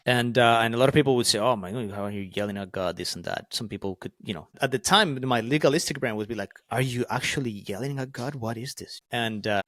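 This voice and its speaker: Earnest guy with as telling his god story, kinda low voice, restarts a lot. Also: a bit bright, no room sound, clean studio sound. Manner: earnest, rambling with many restarts. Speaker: podcast guest. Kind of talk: personal faith testimony.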